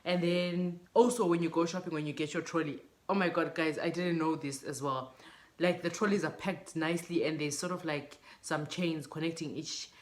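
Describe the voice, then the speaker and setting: Chatty low-voiced woman vlogger. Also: fairly even intonation, moderate pace. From Zimbabwe. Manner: chatty, storytelling, quotes others in bright mimicking voices. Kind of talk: casual chat to camera.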